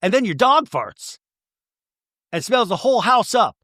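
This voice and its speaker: A man's voice: high voice, sing-song, a little slow, sharp tone, no echo, studio quality, voice pushed up, full character voice. A man putting on the voice of a dramatic, offended woman, scolding in an exaggerated way. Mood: offended ranting.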